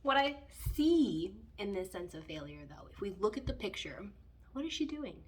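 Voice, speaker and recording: A woman's voice: medium pitch, big pitch swings, normal speed, far from the mic. A woman giving a casual tarot reading in a rambling, conversational way, full of fillers. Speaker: tarot reader.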